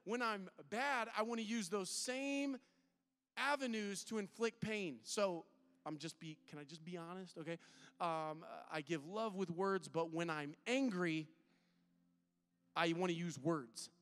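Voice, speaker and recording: A man preaching a sermon in a candid, conversational style, with sudden swings between loud and soft. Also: sits high, unhurried, long reverb tail. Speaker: pastor. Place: church auditorium.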